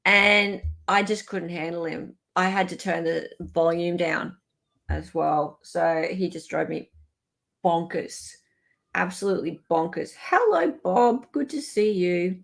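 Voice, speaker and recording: A woman with an Australian accent hosting a casual live stream, chatting and joking with quick asides. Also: on the low side, expressive, gravelly, fairly bright tone. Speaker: livestream host.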